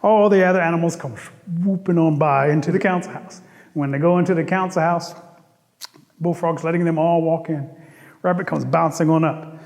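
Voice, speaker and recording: A man from the Cherokee Nation telling a traditional story in an animated, rhythmic, playful way. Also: a little high, normal speed, vocal fry. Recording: long reverb.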